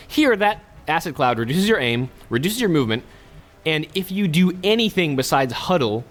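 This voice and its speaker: A man's voice: fairly high pitch, fairly bright tone. A man hosting a let's play, giving casual, chatty commentary with joking asides to his viewers.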